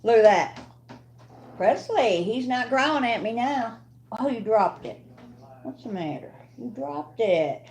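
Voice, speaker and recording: A woman's voice: on the high side, very animated, unhurried, gravelly, a little mellow, a little hiss or hum. An older woman hosting a casual livestream from home, chatting with viewers and talking to her dog as she cooks. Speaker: livestream host.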